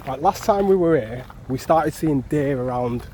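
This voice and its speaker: A man's voice: medium pitch, expressive, normal speed, warm tone, a little hiss or hum, low-quality recording. A man with a Mancunian accent chatting to his viewers in a casual, jokey walking vlog outdoors, swearing freely. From North West England. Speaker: vlogger. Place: outdoor parkland.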